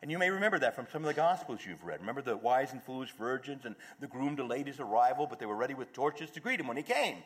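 A man preaching a sermon as a priest, moving between soft explanation and rising, fervent declaration. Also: mid-range voice, very animated, fast talker, few pauses, big-room sound.

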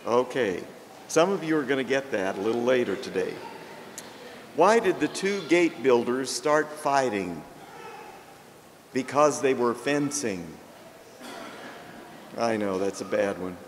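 An older man, a priest, preaching a sermon with jokes, told in a slow and gentle storytelling way. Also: mid-range voice, lively intonation. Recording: long reverb, faint background noise.

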